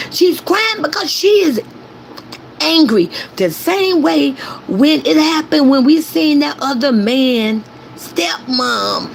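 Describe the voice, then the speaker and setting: This commentary host's voice sits high and is creaky, and the rough recording has a little hiss or hum. She rants emphatically and repetitively, calling on her chat directly to back her up.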